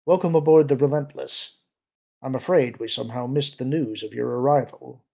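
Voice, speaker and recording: A man playing a smooth, calm grand admiral. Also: medium pitch, moderate pace. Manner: smoothly modulated.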